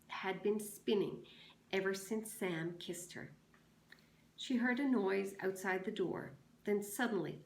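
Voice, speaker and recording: A woman teacher reads a novel aloud for her sixth-grade class, stopping to explain the story in a slow, instructive way. Her voice has a gravelly texture and she takes her time. The recording sounds roomy and echoey. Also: mid-range voice. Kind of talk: read-aloud lesson narration. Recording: echoey room.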